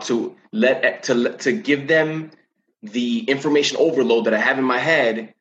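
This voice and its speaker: A man's voice: mid-range voice, a bit bright, dull audio. A man talking about coping with anxiety as a teen coach in a casual podcast chat, earnest and often repeating words while he thinks.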